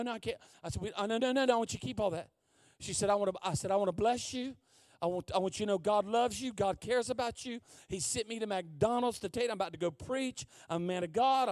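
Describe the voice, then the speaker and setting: A male preacher delivers a storytelling sermon in a high, lively voice that leaps across its range. He drops to hushed asides and then climbs to full shouts. The sound is dry and close. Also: no room sound. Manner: animated, comic, swings from hushed asides to shouting. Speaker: guest preacher.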